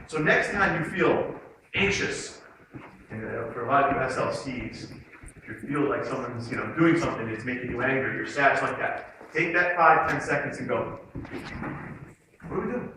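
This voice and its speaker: A man, an author speaking to students, giving a motivational talk as an animated storyteller who acts out the voices. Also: fairly high pitch. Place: hall or classroom. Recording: echoey hall, distant mic, noise.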